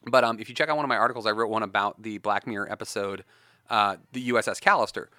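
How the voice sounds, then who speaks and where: A man's voice: lowish voice, sharp tone, dry recording, studio quality. A man hosting a podcast in casual chat, rambling with lots of ums and uhs. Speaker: podcast host.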